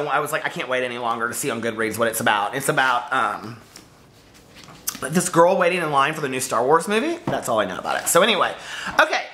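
A woman book vlogger chatting casually to camera in a gushing, excitable way, exclaiming often. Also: mid-range voice.

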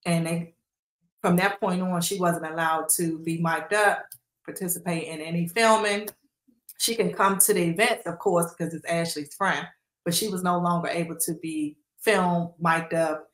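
A woman's voice: lowish voice, normal speed. A woman recounting reality show drama as a guest, animatedly acting out quotes. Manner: animated retelling with acted quotes. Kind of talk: casual interview storytelling. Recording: roomy echo.

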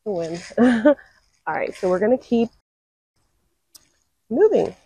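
A woman's voice: mid-range voice, very animated, slow, vocal fry, mellow, slightly rough, no echo, rough recording. A young woman narrating a casual walking vlog in an outdoor park, chatty and full of "like" and "um". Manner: chatty, lots of "like" and "um". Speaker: wildlife vlogger.

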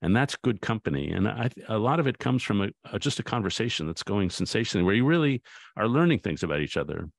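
A man's voice: fairly low pitch, sing-song, fast talker, creaky, no room sound, clean studio sound. A man, a guest author, in a reflective conversation, thoughtful and anecdotal, often restarting his sentences.

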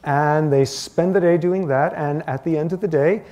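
A middle-aged man giving a university lecture, telling stories with lively asides. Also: on the high side, moderate pace, dull audio. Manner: animated storytelling with asides.

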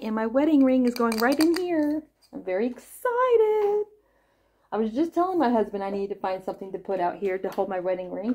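A woman's voice: medium pitch, a little mellow, slight background noise. A middle-aged woman chatting casually as she unboxes gifts on her crochet vlog, gushing and thinking aloud. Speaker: crochet vlogger.

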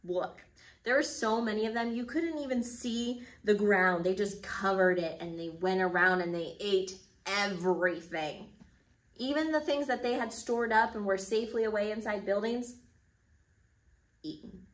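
Expressive woman telling a Bible story. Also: medium pitch, moderate pace, distant mic, rough recording. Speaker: children's ministry teacher. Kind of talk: Bible story told to children.

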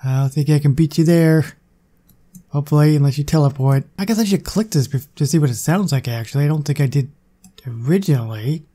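A young man giving casual, excitable commentary on his gameplay and chatting to viewers. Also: on the high side, fairly quick. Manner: excitable, chatty, talks to the game. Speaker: gaming channel host.

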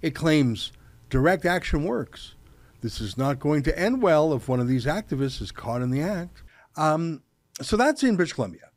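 A middle-aged man from Canada delivers opinion commentary from a studio in an emphatic, mocking tone, drawing out key words for effect. His voice sits a little high for a man and leaps up and down with lively pitch. The recording is dry and close, with no room sound. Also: no echo. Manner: sarcastic, emphatic, slows down to stress words. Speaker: show host.

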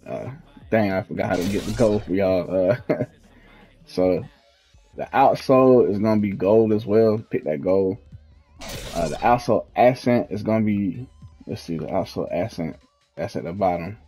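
Young male gaming host, low mellow slangy delivery, faint music underneath. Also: moderate pace, long pauses. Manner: laid-back slangy, trails off while thinking. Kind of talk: casual gameplay walkthrough. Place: at home, in his fiancée's house.

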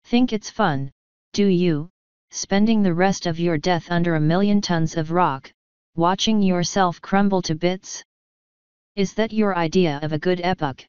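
A woman's voice: lowish voice, a little slow, darkish tone, smooth, no echo, muffled recording, close to an everyday voice. A woman reading an audiobook, voicing the ghost of an old king who is exasperated and indignant. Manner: indignant, blustering.

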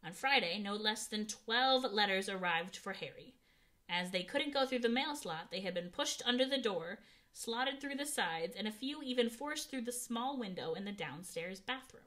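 A woman's voice: mid-range voice, animated, moderate pace, fairly bright tone. A woman reading a children's novel aloud, narrating expressively and giving the characters voices. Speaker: audiobook reader.

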